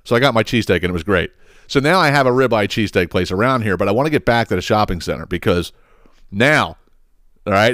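A man's voice: mid-range voice, clear, resonant tone, no echo, studio quality. A man hosting a podcast, telling a rambling, profane story in a casual monologue and laughing as he goes. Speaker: podcast host.

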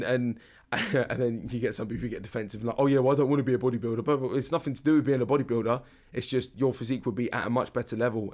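Husky-voiced man rambling frankly. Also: medium pitch. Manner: frank, rambling, lots of restarts and fillers. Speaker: podcast host and fitness coach. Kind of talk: casual podcast monologue.

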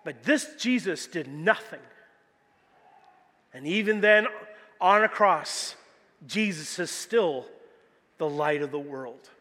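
A man's voice: fairly high pitch, lively intonation, slow pace, long pauses, sharp tone, long reverb tail. A man preaching a sermon as pastor, telling stories animatedly with casual fillers like "like" and "you know.". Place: church hall.

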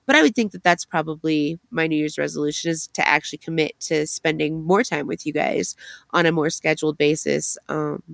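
Low-voiced, foul-mouthed woman podcaster. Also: fairly quick, gravelly, no room sound. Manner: swears freely, animated and chatty. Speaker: podcast co-host. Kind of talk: casual chat.

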